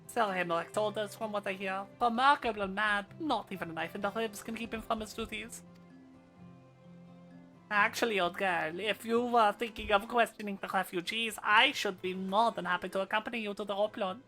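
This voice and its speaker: A woman's voice: mid-range voice, normal speed, bright, forceful tone, faint music behind, close to an everyday voice. A woman voicing a flirtatious, gossipy male noble with a plummy upper-class drawl while reading game dialogue aloud. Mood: teasing.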